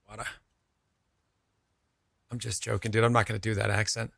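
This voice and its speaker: A man's voice: lowish voice, flat delivery, moderate pace, gravelly, fairly bright tone, no echo, studio quality. A young man streaming a game, chatting casually with his viewers and answering their messages. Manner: chatty, reads out and answers chat, laid-back. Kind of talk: casual chat with viewers while gaming.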